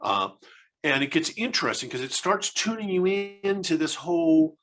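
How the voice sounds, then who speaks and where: Bright-voiced American man in his 60s. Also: a little high, very animated, moderate pace. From United States. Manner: rambling, hesitant storyteller with many fillers and restarts. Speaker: interview guest, author. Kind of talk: casual interview conversation.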